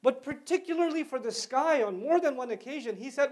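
A man giving a religious talk to a young audience, telling stories with big swings from quiet to loud and asking listeners questions. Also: very high-pitched, fairly quick, few pauses. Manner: animated storyteller with wide swings in loudness; conversational, asks listeners questions. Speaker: Islamic lecturer.

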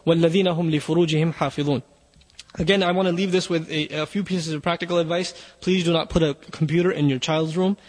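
High-voiced man preaching urgently in a hall. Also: steady tone, very fast. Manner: earnest, urgent, emphatic. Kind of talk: sermon.

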